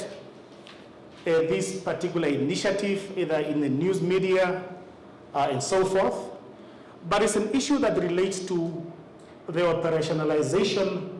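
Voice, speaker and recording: A Namibian man presenting to party representatives at a formal meeting, measured and deliberate, pausing often on "uh". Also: sits high, a little mellow. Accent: Namibian English. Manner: measured, deliberate delivery with frequent "uh" pauses. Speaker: electoral commission official presenting to party representatives. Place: meeting room. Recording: echoey room, faint ambient noise.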